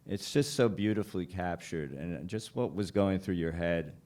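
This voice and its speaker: A man moderating a festival panel, asking questions in halting, restarting phrases. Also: low-pitched, lively intonation, darkish tone. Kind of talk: panel interview.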